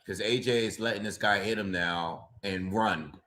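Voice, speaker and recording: A man's voice: on the low side, moderate pace, bright, forceful tone. A man doing live reaction commentary on a boxing fight, exasperated and ranting, with frequent exclamations.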